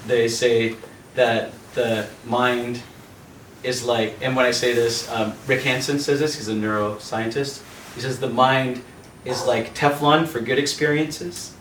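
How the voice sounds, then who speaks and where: A man's voice: mid-range voice, echoey room, far from the mic, a little hiss or hum, low-quality recording. A man from Canada, a yoga teacher hosting a video call, telling a casual story with laughter and acted-out voices. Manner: animated storyteller acting out voices, laughing often.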